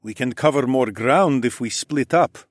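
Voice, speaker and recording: A man's voice: mid-range voice, normal speed, no echo, studio quality, lightly acted. A male narrator voicing an earnest companion who speaks matter-of-factly and plans aloud.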